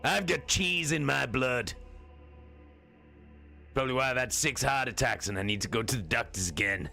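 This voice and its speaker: A man's voice: medium pitch, normal speed, vocal fry, pushed and bright, soft background music. A man rambling jokily and swearing as a streamer chats on a live stream. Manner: rambling, jokey, swears a lot. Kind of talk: casual live-stream chat.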